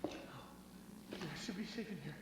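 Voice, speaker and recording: A man's voice: high-pitched, moderate pace, noisy background, natural voice. An actor playing a frightened man hiding from animatronics, muttering to himself in panic.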